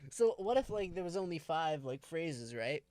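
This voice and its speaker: A man's voice: on the high side, sing-song, moderate pace, a little mellow, a little hiss or hum. A man co-hosting a podcast in casual chat, hesitant and laughing easily. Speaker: podcast co-host.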